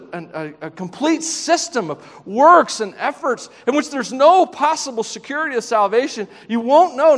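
A man preaching a sermon as a pastor, swinging from loud emphatic passages to quiet, hushed questions, with self-deprecating asides. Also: extremely high pitch. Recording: long reverb of a large hall.

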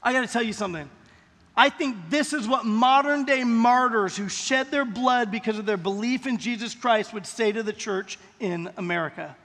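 A man preaching a sermon as pastor, emphatic, slowing down and rising on the key phrases. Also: extremely high pitch, fairly bright tone, in a large hall.

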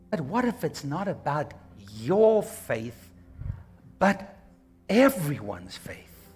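Male pastor, high, lively sermon voice, slow and deliberate, soft music underneath. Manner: exhorting, calls for amens; animated, slips into quoted voices.

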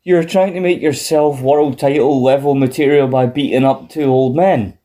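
Profane man, warm dark voice. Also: medium pitch, normal speed. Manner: profane, animated, laughs often. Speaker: podcast co-host. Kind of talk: casual wrestling podcast chat.

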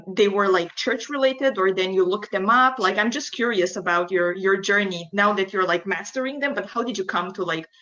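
Bright woman host, muffled audio. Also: mid-range voice. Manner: curious, asks questions. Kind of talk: podcast interview. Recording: dull lo-fi audio.

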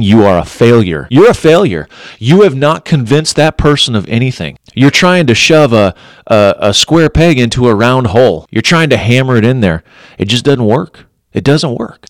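A man's voice: medium pitch, no echo, studio quality. A middle-aged man, a former police officer, giving blunt relationship advice and repeating his points for emphasis. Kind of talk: earnest direct-to-camera advice talk.

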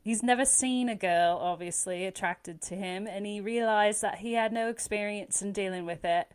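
Put-on British accent from a woman, book reading, halting, self-conscious. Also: medium pitch, mellow, clear, resonant tone, lightly acted. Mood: reading aloud. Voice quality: attempted regional British accent.

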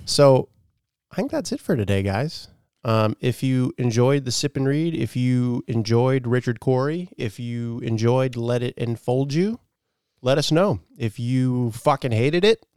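A young man co-hosting a podcast in easygoing, profane chat with quick interjections. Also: mid-range voice, a little mellow, clean tone, no echo, studio quality. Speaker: podcast co-host. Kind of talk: casual chat.

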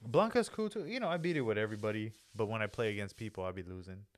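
This is a man co-hosting a laid-back podcast, his voice sitting on the low side. He tells long, meandering stories in loose slang, full of fillers and restarts. The talk is casual and unscripted. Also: animated, rapid-fire. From United States. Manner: rambling, loose slangy storytelling with many fillers. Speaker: podcast co-host. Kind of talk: casual chat.

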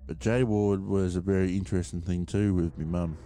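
An Australian podcast host with a very low, mellow voice tells a story in loose, casual chat. He rambles, leans on fillers, and swears freely. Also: steady tone, fairly quick, faint music behind.

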